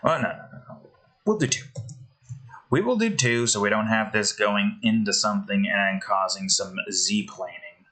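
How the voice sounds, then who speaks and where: A man's voice: fairly low pitch, moderate pace, pushed and bright, rough recording. A man, a game developer, thinking aloud as he builds, muttering hesitantly and questioning himself.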